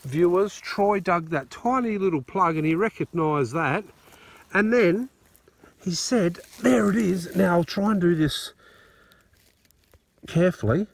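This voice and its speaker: An Australian man filming a casual outdoor vlog on his phone, chatting excitedly to viewers and calling his mate "mate" a lot. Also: high-pitched, a little slow, long pauses. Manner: excitable, blokey, lots of "mate" and "righto". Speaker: metal detecting channel host. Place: outdoors at a dig site. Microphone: phone camera.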